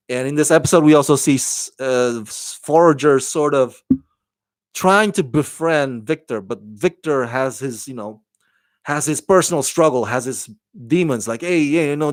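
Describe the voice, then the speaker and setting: A man's voice: mid-range voice, clean tone, no room sound, clean studio sound. A man giving a casual, rambling review of a TV show, with lots of fillers and restarts.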